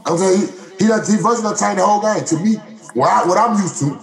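Man, slightly high voice, animated sports rant, echoey room. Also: fast, vocal fry, soft background music. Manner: animated, repetitive, mock-quoting others in a raised voice. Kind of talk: casual sports banter.

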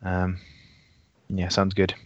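A man's voice: sits low, completely flat delivery, slow pace, dull audio. A man playing in a tabletop game, thinking aloud about the rules in casual chat. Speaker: player.

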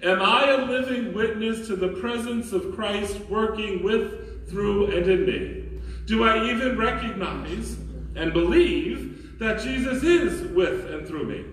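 Priest preaching in an echoey church. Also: male voice, high-pitched, a bit bright, far from the mic, a little hiss or hum. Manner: earnest, questioning, emphatic with dramatic pauses. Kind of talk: sermon. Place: large church.

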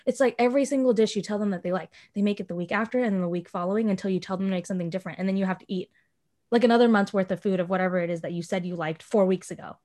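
Young woman co-hosting, laughs a lot, talks fast and rambly. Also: mid-range voice, a little mellow. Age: young adult. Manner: laughs often, quick rambling. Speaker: podcast co-host. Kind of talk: casual chat.

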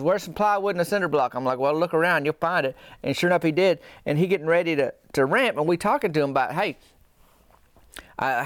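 A man's voice: mid-range voice, no room sound, studio quality. A man telling a rambling comic story in folksy dialect. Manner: rambling folksy yarn-spinning with dialect grammar.

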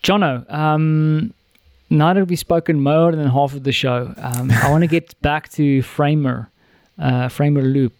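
A man's voice: a little high, steady tone, measured pace, a little mellow. A man hosting a podcast, chatting casually and rambling with many ums. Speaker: podcast host. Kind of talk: casual chat.

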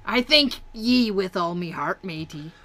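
A woman's voice: mid-range voice, expressive, unhurried, sharp tone. A woman voicing a boastful male pirate captain in hearty, old-timey pirate talk. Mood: swaggering.

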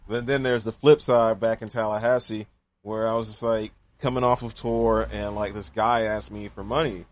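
A man's voice: fairly low pitch, level tone, moderate pace. A man who is a musician, telling stories in a laid-back, jokey casual chat. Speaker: musician, podcast co-host.

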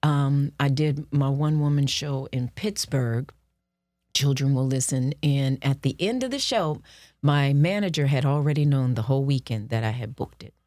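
A woman's voice: extremely low pitch, normal speed, no room sound. A woman, an actress, telling stories in a casual interview and acting out quoted people as she goes. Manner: animated storyteller, acts out quotes.

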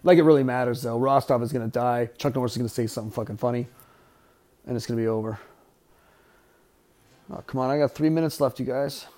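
A man's voice: medium pitch, fast, pauses often, warm tone. A man hosting a podcast, giving casual, wisecracking, profanity-laden commentary while watching a movie. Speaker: podcast host. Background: faint film soundtrack.

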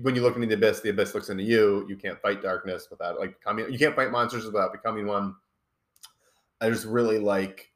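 A man co-hosting a podcast, chatting casually about a film and talking around his points with lots of restarts. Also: fairly low pitch. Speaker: podcast co-host.

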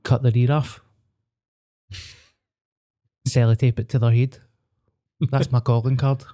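A man's voice: medium pitch, little pitch movement, unhurried, mellow. A young man with a Glasgow accent, co-hosting a podcast, telling sweary stories with self-mocking humour. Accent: Scottish, Glasgow. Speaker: podcast co-host. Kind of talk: casual chat.

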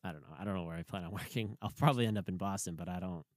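A young man, a college student, chatting casually and ranting in an animated way that gets sharp when he is worked up. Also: sits low, rapid-fire, no room sound, clean studio sound. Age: young adult. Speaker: pre-med college student. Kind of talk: casual chat.

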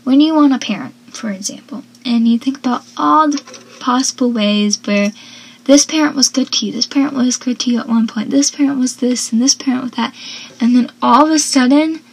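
Young woman chatting about a tv episode, kinda high and breathy, lots of likes and fillers. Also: fairly quick, low-quality recording. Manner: chatty, filler-heavy, reads out quotes. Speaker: recap commentator. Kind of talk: casual chat recapping a TV episode.

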